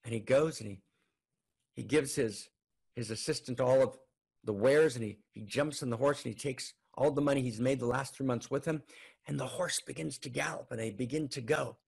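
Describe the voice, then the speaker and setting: A man telling a folk tale aloud in an animated way, often checking in with listeners. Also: medium pitch, moderate pace, vocal fry, slightly rough. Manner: animated, frequent "right?" tags. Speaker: storyteller.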